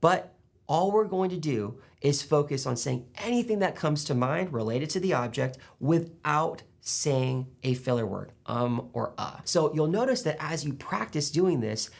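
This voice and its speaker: A man coaching public speaking to camera, animated as he demonstrates loud and soft delivery. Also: a little high, gravelly. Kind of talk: instructional talk to camera.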